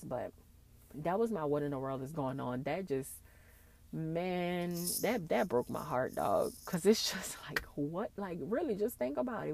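Woman podcast host, low gravelly voice, impassioned, repeats herself, tearful. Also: animated, normal speed, darkish tone, slight background noise. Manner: impassioned, ranting with repeated phrases and slang. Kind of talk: emotional solo podcast monologue.

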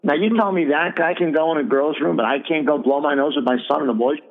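A middle-aged man hosts a radio talk show, speaking bluntly and indignantly and swearing freely. His voice sits a little high for a man. The audio is thin and phone-like, with a long reverb trailing behind it. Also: fast talker.

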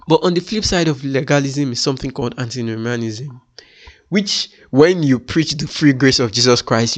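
Male preacher from Nigeria, earnest sermon delivery, mid-pitched voice with emphatic rises. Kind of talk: sermon-style teaching.

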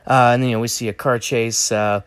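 A man's voice: medium pitch, little pitch movement, quick pace, clean tone, dry recording. A man casually talking through a movie trailer on his own, rambling with many fillers and joking asides. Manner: rambling, lots of fillers and restarts, jokey. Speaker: vlogger reviewing a movie trailer. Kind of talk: casual solo commentary.

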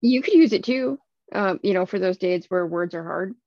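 A woman's voice: mid-range voice, animated, normal speed, mellow, no room sound. A woman co-hosting a podcast, chatting casually in an easygoing, apologetic way. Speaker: podcast co-host. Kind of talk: casual chat. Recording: dry, muffled lo-fi audio.

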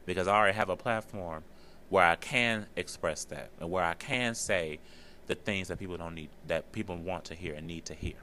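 Man, solo podcast talk, bright lowish voice, earnest and encouraging, faint room hum. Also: fairly quick. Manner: earnest, encouraging, repeats himself for emphasis. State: tearful at times. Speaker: podcast host.

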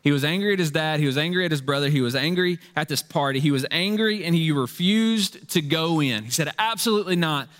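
A male pastor preaching in an animated, conversational style, slipping into playful slang. His voice sits a little high. It rings with the long reverb of a large hall. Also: fairly quick, few pauses. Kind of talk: sermon.

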